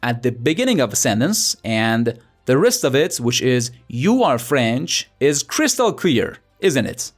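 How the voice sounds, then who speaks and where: A man's voice: medium pitch, sing-song, unhurried, hardly any pauses, soft background music. Playful young man teaching a lesson. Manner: playful, chatty, asks rhetorical questions. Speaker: language teacher. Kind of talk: scripted lesson narration.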